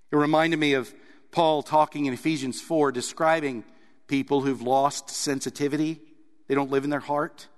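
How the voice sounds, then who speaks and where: A man preaching a sermon in an earnest way, sometimes pressing hard on a point and then dropping soft. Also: fairly high pitch, big-room sound. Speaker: pastor.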